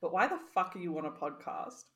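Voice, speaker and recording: A woman's voice: fairly low pitch, sing-song, a little fast, heavy background noise. A young woman, co-hosting a casual podcast chat, teasing her friend and swearing casually. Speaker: podcast co-host.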